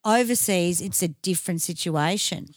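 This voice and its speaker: A woman's voice: on the low side, normal speed, no echo, clean studio sound. Blunt, swearing Australian woman in casual chat. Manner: blunt, swearing, laughing easily. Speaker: podcast co-host.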